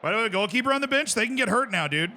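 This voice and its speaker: A man streaming a football management game, chatting casually and reacting loudly to the play. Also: high voice, expressive, rapid-fire. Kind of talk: casual gameplay commentary.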